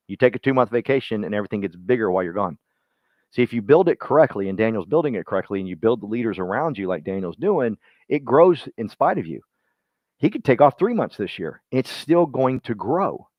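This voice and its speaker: A man giving a folksy, animated motivational talk to his real estate team, speaking to listeners by name. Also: fairly low pitch, no room sound. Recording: dull lo-fi sound.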